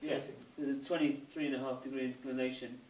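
A man's voice: mid-range voice, level tone, fast, darkish tone, rough recording. A man in the class audience explaining something plainly, picked up from across the room. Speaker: class participant.

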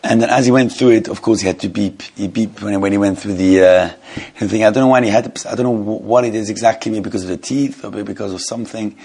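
A man teaching an informal religious class, speaking haltingly with repeated words and Hebrew terms. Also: on the low side, steady tone, a little mellow, a little hiss or hum. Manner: halting and repetitive, often restarts phrases; mixes Hebrew and Yiddish terms into English.

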